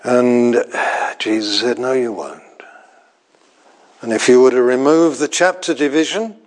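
An older man preaching a sermon in a slow, deliberate way, pausing often and repeating phrases for weight. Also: medium pitch, fairly even intonation, darkish tone.

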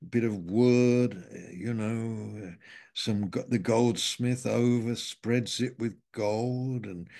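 Preaching informally, a man unpacks Bible verses in a rambling style, leaning often on "you know" and sometimes falling from a loud voice to a hushed one. He speaks in a creaky, mid-range voice.

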